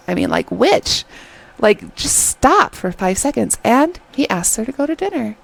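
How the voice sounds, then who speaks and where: A woman's voice: mid-range voice, big pitch swings, normal speed, vocal fry, rough recording. A middle-aged woman reviewing a drama in casual chat, retelling scenes and quoting the characters.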